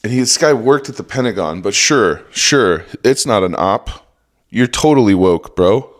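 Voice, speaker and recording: A man's voice: fairly low pitch, lively intonation, normal speed. A young man hosting a solo comedy podcast, swearing a lot and mocking what he reads in a sarcastic rant. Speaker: podcast host.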